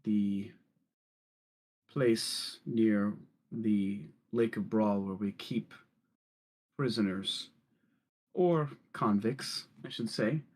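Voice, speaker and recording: A man doing a slow, formal company official. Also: fairly low pitch, darkish tone.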